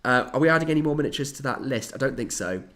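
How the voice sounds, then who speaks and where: A young man chatting casually on a live stream, animated and playfully dramatic. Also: mid-range voice, rapid-fire. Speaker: hobby streamer.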